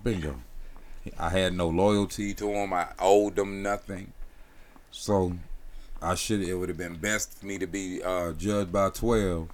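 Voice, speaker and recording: A man co-hosting a podcast, telling stories in relaxed casual talk full of slang and sayings. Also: deep voice, measured pace. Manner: laid-back, tells stories with slang and sayings. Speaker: podcast co-host. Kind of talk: casual chat.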